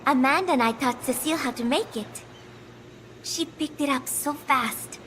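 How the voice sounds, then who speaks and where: A woman voicing a soft-spoken, kind young woman in a video game, talking in a gentle, earnest way. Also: high voice, moderate pace, a little hiss or hum, rough recording. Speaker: game character.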